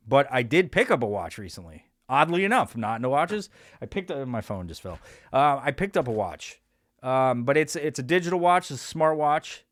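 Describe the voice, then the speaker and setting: A man's voice: medium pitch, a bit bright, no echo, clean studio sound. A man hosting a podcast, rambling through a crude, sarcastic comedic monologue full of restarts. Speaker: podcast host.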